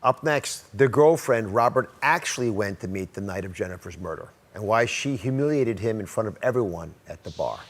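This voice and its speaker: A man with a fairly low voice hosts a TV talk show. He asks brisk, direct questions and introduces the next segment. His voice has a lingering reverb, as if recorded in a large studio. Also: animated. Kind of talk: interviewing and show segues.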